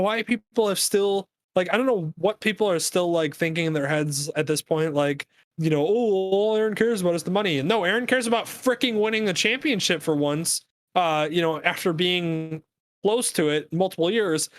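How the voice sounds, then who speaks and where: A man co-hosting a podcast, talking sports in a casual, animated, rambling rant full of fillers. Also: sits high, dry recording. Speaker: podcast co-host.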